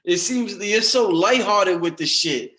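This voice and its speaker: Brief: male host, relaxed slangy chat, slightly high voice, echoey room. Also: unhurried. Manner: laid-back, slangy, stumbling restarts. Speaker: interview host. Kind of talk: casual interview chat.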